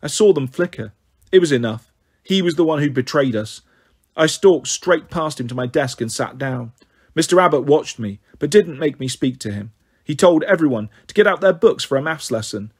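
A man reading a children's novel aloud as a storyteller, in an even, measured way. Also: a little high, breathy edge.

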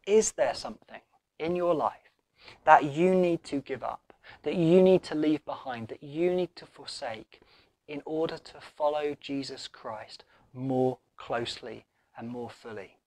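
A man's voice: on the high side, a little slow, darkish tone, no echo. A man with an English accent preaching a sermon in an earnest, questioning way, his voice swelling and then dropping almost to a whisper. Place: church.

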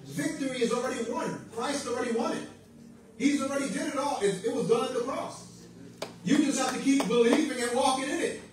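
A man with a high voice preaches a sermon, pressing his congregation with repeated phrases and calls for an amen. His voice rings through a very echoey church from a distance from the mic, over a faint hiss. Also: fairly quick. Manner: exhorting with call-and-response amens and repeated phrases.

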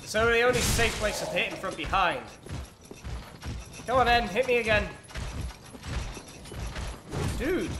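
A man's voice: sits high, normal speed, background noise. A man commenting on his own gameplay, panicky, yelping and swearing as he plays. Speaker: gaming channel host. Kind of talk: let's play commentary. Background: game music.

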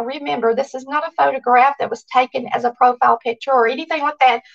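A chatty Southern woman with a high voice and a gravelly edge talks excitedly to her viewers. She sounds a little distant and dull, as if the mic sits some way off. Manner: chatty, excitable, reads viewer cards aloud. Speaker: cooking channel host. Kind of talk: casual chat to viewers.

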